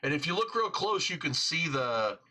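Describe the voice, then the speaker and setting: Casual host storyteller, male, husky and bright-toned, lively and laughing. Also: a little high, normal speed. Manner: animated, laughing storyteller, swearing freely.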